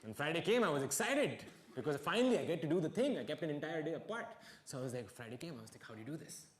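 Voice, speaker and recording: A young male stand-up comedian, storytelling with a lively, swooping delivery and a slightly raised pitch. He acts out bits of dialogue between the narration. The sound is roomy and echoey, with clear background noise from the venue. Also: fast talker. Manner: animated storytelling with acted-out dialogue. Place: comedy stage with audience.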